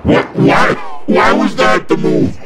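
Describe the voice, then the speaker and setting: A man yelling and cursing in frustration while playing video games, his voice run through a demonic filter. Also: slow pace, loud music behind the voice. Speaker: gamer. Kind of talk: rage-filled gameplay commentary.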